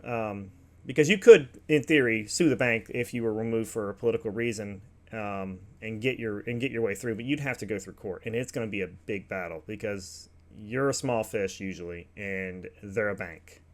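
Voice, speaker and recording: A man's voice: fairly low pitch, moderate pace. A man hosting an opinion show, reading passages aloud and commenting in a casual, offhand way with asides to his viewers.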